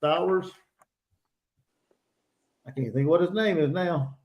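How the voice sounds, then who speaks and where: Man, fairly high voice, halting host breaking down a football matchup. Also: dull audio. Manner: hesitant, restarts a lot, full of ums. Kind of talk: casual sports chat.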